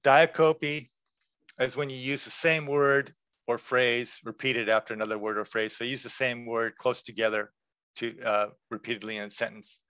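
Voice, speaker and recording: Man, workshop presenter, relaxed explaining, smooth resonant voice, dry close sound. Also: medium pitch, moderate pace, no room sound. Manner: relaxed, explaining with examples and fillers. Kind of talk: conversational workshop lecture.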